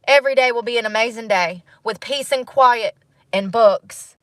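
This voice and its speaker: A woman in her thirties, talking to her channel in a casual, reflective monologue, musing and animated, with frequent laughs. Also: on the high side, moderate pace, no room sound. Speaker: vlogger.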